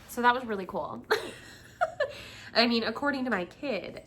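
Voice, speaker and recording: A woman's voice: mid-range voice, expressive, slow, pauses often, fairly bright tone, a little hiss or hum. A woman in her thirties from the United States, chatting casually to her viewers, giggly and full of fillers. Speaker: vlog host.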